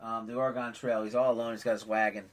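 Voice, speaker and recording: A man's voice: on the low side, flat delivery, fast talker. A man in his forties hosting a casual family podcast, a rambling joke-telling dad who pokes fun at himself. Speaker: podcast host and father.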